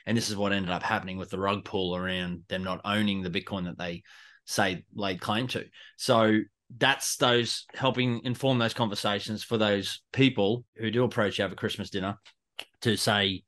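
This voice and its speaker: A man's voice: lowish voice, steady tone, normal speed, a bit bright. An Australian man hosting a casual podcast chat, laid-back and laughing easily. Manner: laid-back, swears freely, laughs often.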